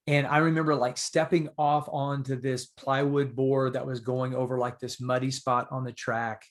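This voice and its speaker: A man guesting on a podcast, telling stories in a casual, animated and earnest way. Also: mid-range voice, normal speed. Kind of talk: casual storytelling.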